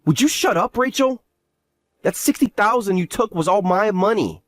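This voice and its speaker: A man's voice: sits high, expressive, normal speed, dry recording. An actor voicing a scheming young man who scolds his sister in an exasperated way in a voiced story drama. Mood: angry.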